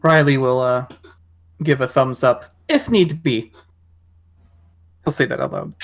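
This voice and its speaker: Relaxed, joking tabletop player, mid-pitched. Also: moderate pace, vocal fry. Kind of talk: casual tabletop play.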